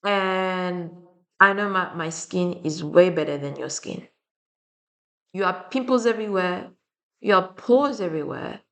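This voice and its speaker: A young adult woman with a French and Slavic accent speaks in a lowish voice at a measured pace. As a vlogger ranting casually to camera, she's blunt, rambling, and swears frequently.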